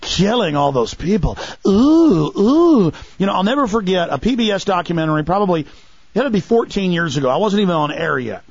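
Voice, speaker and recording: A male radio talk show host in a heated conversation, excitable and mocking, often mimicking people in a high falsetto. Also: fast talker, breathy edge, no room sound. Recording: muffled radio broadcast sound.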